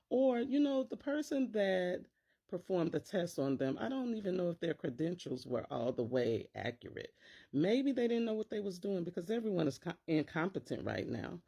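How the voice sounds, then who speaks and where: A woman's voice: fairly low pitch, big pitch swings, moderate pace, mellow, husky. A middle-aged woman, a teacher and parent, talking casually to camera and acting out worried inner voices in quotes.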